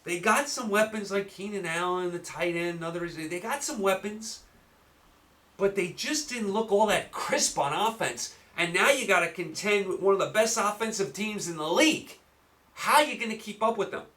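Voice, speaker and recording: Animated New York man picking games. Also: high voice, normal speed. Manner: animated, rambling, talks to listeners with rhetorical questions. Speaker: sports betting podcast host. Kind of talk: solo sports picks talk.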